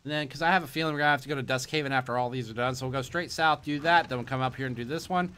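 A man streaming gameplay late at night from a quiet home, sleepy and punchy, rambling and joking to himself as he plays. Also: mid-range voice, very fast, clean tone. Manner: rambling and jokey, talking to himself. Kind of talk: casual gameplay commentary.

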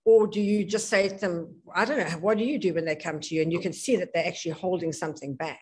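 A woman's voice: lowish voice, fairly even intonation, fast, darkish tone, slightly rough. A woman hosting a panel chat, chatty and asking the guests questions. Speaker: host. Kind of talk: casual chat.

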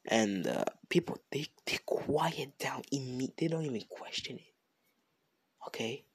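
Young man, slow and husky, slangy rambling storyteller, improvised fan fiction read. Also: medium pitch, lively intonation. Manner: rambling, slangy, self-correcting.

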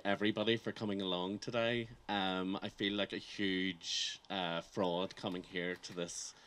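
A man's voice: sits low, a bit bright. A man giving an earnest, reflective speech at an outdoor ceremony, asking rhetorical questions. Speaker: campaign organiser giving a speech.

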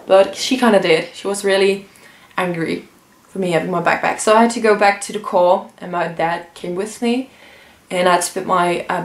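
Earnest young woman vlogging, roomy sound. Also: mid-range voice. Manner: emotional, earnest, many fillers and restarts. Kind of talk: personal vlog storytelling. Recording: roomy echo.

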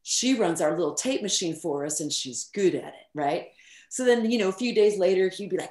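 Frank, animated woman with a low voice. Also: fairly quick. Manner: animated, frank, swears casually, many fillers. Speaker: guest recording engineer. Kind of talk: casual interview storytelling. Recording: roomy echo.

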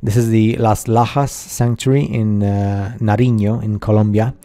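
A man talks over a slideshow in a very dark, mellow voice set fairly low. He narrates casually and haltingly, with many fillers and skeptical asides. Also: steady tone. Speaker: video narrator.

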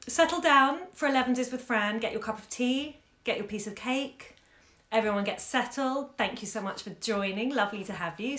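A woman hosting a live-streamed story reading from home, chatty and expressive with fillers. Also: medium pitch. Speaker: bookshop owner and host. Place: home during lockdown. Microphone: phone camera. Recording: echoey room.

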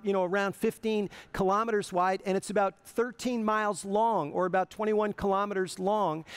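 High, clear-voiced man preaching a sermon. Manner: earnest, repetitive restarts, conversational preaching. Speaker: pastor.

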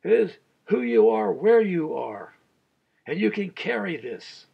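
Gravelly, husky older male preacher. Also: high voice, very animated, unhurried, narrow, tinny audio. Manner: earnest, chuckling storyteller. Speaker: pastor. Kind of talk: Bible study sermon with personal story.

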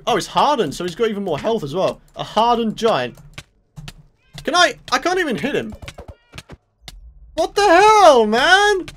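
A man giving excitable, chatty video game commentary, exclaiming as he plays and talking to his viewers. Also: high voice. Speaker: let's play host.

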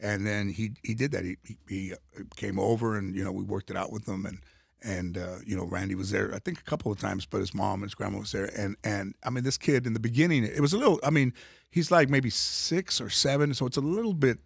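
An older man, a comedian guest, telling stories in a casual chat, going from quiet asides to punchy lines. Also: lowish voice, a little fast, creaky, breathy edge, no room sound, clean studio sound. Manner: animated storyteller, drops to quiet asides then punches up. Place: radio studio.

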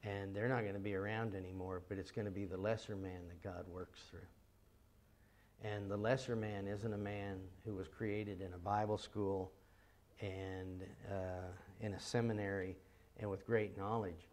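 Low-voiced man giving a sermon. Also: normal speed. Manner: folksy, animated storytelling with laughter; soft, hushed, prayerful tone in reflective parts. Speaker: seminar speaker and teacher. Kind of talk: sermon with storytelling.

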